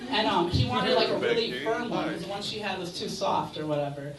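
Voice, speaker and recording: A man's voice: high-pitched, animated, a little fast. A young man doing a stand-up set in a bar, rambling with lots of filler words. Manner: rambling, filler-heavy delivery. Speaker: stand-up comedian. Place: bar comedy stage. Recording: echoey bar, distant mic, crowd.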